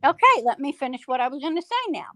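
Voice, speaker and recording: A woman's voice: high-pitched, big pitch swings, quick pace, fairly bright tone, rough recording. A woman on a voice call panel defending herself, insisting that she be allowed to finish speaking. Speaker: panel member. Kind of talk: heated argument on an online voice panel.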